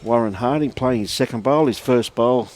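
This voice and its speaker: A man's voice: mid-range voice, moderate pace, darkish tone, slight background noise. An Australian man commentating a lawn bowls match in a chatty, joking way, greeting viewers and calling people mate. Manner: chatty, laughing, calls everyone mate. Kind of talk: live sports commentary.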